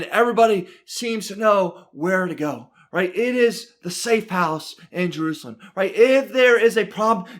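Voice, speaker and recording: A man teaching a Bible study from the pulpit, reading scripture with dramatic emphasis and constantly checking in with "right?". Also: sits high. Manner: animated, keeps adding "right?", reads scripture with dramatic emphasis. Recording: church broadcast.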